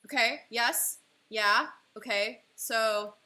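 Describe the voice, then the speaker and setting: A young woman chatting casually on a livestream, excitable and quick to laugh at herself. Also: fairly high pitch. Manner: excitable, laughing often, self-deprecating groans. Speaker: illustrator streaming live. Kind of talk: casual livestream chat while playing a drawing game.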